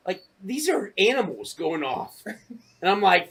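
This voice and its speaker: A man co-hosting a podcast, telling a casual story full of profanity and acting out his own shouted lines. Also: high-pitched, unhurried, vocal fry. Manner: profane, animated, acts out shouted quotes. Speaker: podcast co-host.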